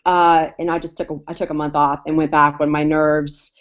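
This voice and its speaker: A woman's voice: low-pitched, flat delivery, brisk, lo-fi sound. A woman novelist on a writing panel, talking in a cheerful, chatty way and laughing often. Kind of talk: casual panel talk.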